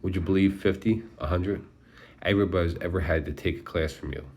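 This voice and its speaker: A man's voice: deep voice, steady tone, fairly quick, vocal fry, darkish tone, slight background noise. A man voicing a brash, bold teenage boy in an audiobook. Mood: cocky.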